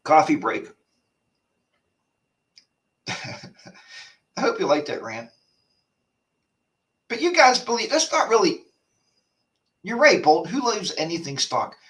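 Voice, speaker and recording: A man hosting a laid-back live stream, rambling from one tangent to the next and ranting as he answers viewer comments. His voice sits a little on the high side, and he sounds somewhat distant from the microphone. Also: very animated, takes it slowly, pauses often, fairly bright tone. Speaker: host of a motorcycle chat show. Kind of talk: casual live-stream chat.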